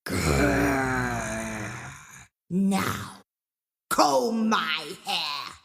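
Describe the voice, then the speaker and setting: Brief: menacing old ogress, slow and growling, in a storybook reading, voiced by a woman. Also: medium pitch, big pitch swings, heavily acted. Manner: slow, drawn-out, growling threats. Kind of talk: storybook character voice.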